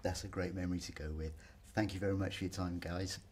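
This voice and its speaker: A man's voice: low-pitched, flat delivery, fast, crowd noise. A man interviewing young film actors in a chatty, friendly way, with filler hesitations. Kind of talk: casual interview.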